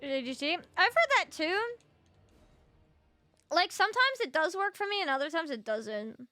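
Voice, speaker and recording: A woman's voice: very high-pitched, very animated, normal speed, sharp tone, dry recording. A young woman streaming a video game, chatting casually with her viewers, swearing freely and sounding sleepy. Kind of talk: casual gameplay chat.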